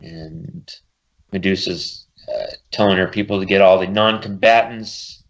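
A man's voice: low-pitched, muffled recording, a little hiss or hum. A man hosting a casual podcast chat, recapping a comic book plot and commenting as he goes. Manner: summarizes plots and puts on quick character voices.

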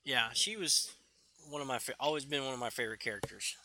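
Bright-voiced man chatting about comics. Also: medium pitch, fast. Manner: relaxed, chatty, with fillers. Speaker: podcast co-host. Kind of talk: casual comic book discussion. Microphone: remote call.

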